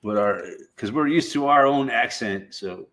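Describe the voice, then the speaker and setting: A man's voice: medium pitch, fairly bright tone. A middle-aged American man hosting a casual, rambling chat, swearing freely and laughing between thoughts. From United States. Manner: swearing, laughs often, drawn-out slow talk. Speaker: livestream host.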